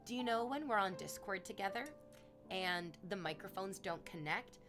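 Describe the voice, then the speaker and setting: A woman's voice: normal speed, music in the background. A young woman streaming, chatting casually with viewers in a rambling, self-mocking way. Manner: rambling and self-mocking, bursts into high squealing excitement over gifted subs.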